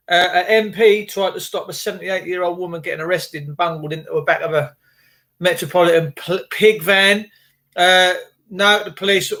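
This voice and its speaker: A man's voice: high voice, moderate pace, sharp tone. A man, hosting a casual livestream, rambling and indignant as he greets viewers by name. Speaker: livestream host.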